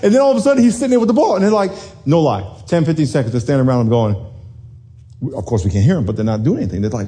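A man in his forties, a little hoarse, telling a lively football story to a congregation, dropping low then shouting high. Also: quick pace, a faint crowd. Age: 40s. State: hoarse from yelling. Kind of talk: animated storytelling sermon.

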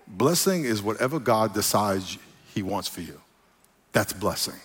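A pastor with a husky, medium-pitched voice preaches a sermon, joking playfully with the congregation and drawing call-and-response answers from them. The recording has a long hall reverb.

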